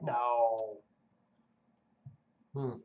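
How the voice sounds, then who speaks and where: A man's voice: mid-range voice, fairly even intonation, extremely slow, reverberant, dull audio. A man co-hosting a casual live stream, telling crude stories in a rambling, jokey way with lots of restarts.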